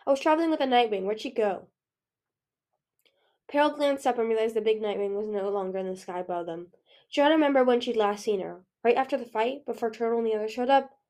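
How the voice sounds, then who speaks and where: A woman reading a fantasy novel aloud in steady storytelling narration. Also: on the high side, fast talker. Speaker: audiobook reader.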